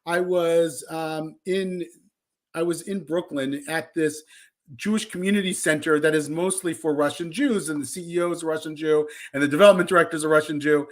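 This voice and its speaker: A man's voice: a little high, fairly even intonation, a little fast. A man co-hosting a podcast, telling stories in a thoughtful, loose conversational way. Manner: thoughtful, loose storytelling with fillers. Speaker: podcast co-host.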